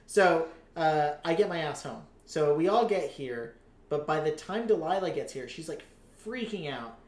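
A man's voice: a little high, expressive, moderate pace. A man co-hosting a casual podcast chat, telling a rambling story full of cursing and filler words. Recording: roomy echo.

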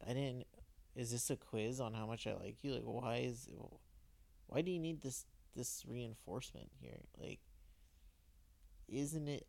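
A man's voice: medium pitch, gravelly, a little mellow, no echo. A tired man in his late twenties co-hosting a podcast, chatting casually with rambling, profane venting. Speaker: podcast co-host. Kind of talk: casual chat.

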